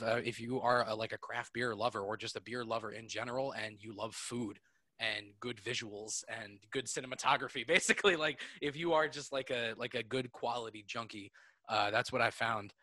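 A man's voice: mid-range voice, fairly even intonation, normal speed, bright, forceful tone, no room sound. A young man hosting a podcast, chatting casually and jokingly with lots of fillers. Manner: rambling, joking, many fillers. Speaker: podcast host. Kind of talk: casual chat.

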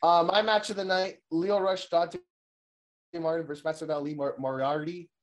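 A man's voice: a little high, fairly even intonation, moderate pace, highs cut off. A young man co-hosting a casual wrestling recap chat, rambling and swearing, laughing often and mimicking wrestlers. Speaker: podcast co-host.

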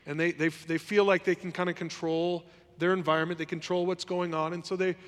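A man's voice: on the high side, little pitch movement, fairly quick, a bit bright. Preaching man in a reverberant hall. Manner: conversational preaching with repeated phrases. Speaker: pastor. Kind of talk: sermon.

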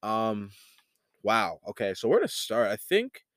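A man's voice: fairly low pitch, very animated, a little slow, fairly bright tone, no room sound, clean studio sound. A man co-hosting a podcast in casual chat, laid-back, laughing easily and filling with "you know". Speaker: podcast co-host.

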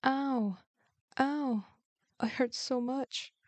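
A woman's voice: mid-range voice, animated, moderate pace, a little mellow, no room sound. Woman putting on a sly greedy fox. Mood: fake pain. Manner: sly, mocking, fake moaning. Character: sly greedy male fox, scheming trickster.

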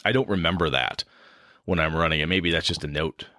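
A man's voice: very deep voice, fairly quick, sharp tone, no echo, studio quality. A man with a Midwestern American accent hosting a casual podcast chat about running tabletop games, rambling with restarts. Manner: rambling, restarts, frequent laughs. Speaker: podcast host and game master.

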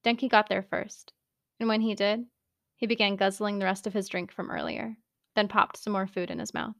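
A woman narrating a story in a soft, even storytelling voice. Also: medium pitch, normal speed, no room sound, studio quality.

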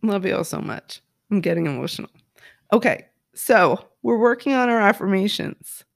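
A wellness coach with a gravelly, fry-edged voice talks listeners through affirmations in a loose, heartfelt way. The delivery is casual and full of "like" and "right?". The recording is dry, with no room sound. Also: mid-range voice, moderate pace, no room sound. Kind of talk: guided affirmation talk.

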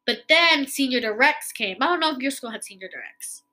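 A young woman hosting a casual chat, talkative and quick to laugh, with many fillers. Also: high voice, expressive, pushed and bright, poor audio. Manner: chatty, filler-heavy, laughs easily. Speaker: podcast host. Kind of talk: casual conversation.

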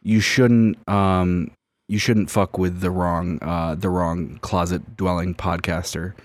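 Low-voiced young man rambling a story. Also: fairly even intonation, slow, no room sound. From Miami. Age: 20s. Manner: rambling, self-mocking storytelling. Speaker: podcast co-host. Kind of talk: casual podcast chat.

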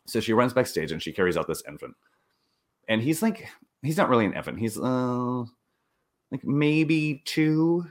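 A man co-hosting a casual chat, telling a story with animated delivery and acted-out quotes. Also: normal speed. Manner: animated, acts out quotes with swooping pitch. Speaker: podcast co-host.

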